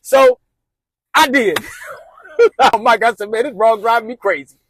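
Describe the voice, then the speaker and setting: A man's voice: very high-pitched, expressive, unhurried, a bit bright, dry recording. A man telling a long personal story in casual slang, rambling and acting out what his friends told him.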